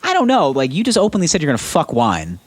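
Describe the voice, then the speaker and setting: A man's voice: on the high side, fast, no echo. A man co-hosting a casual podcast chat. He jokes around and often corrects himself mid-sentence. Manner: animated, self-correcting, jokey. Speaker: podcast co-host.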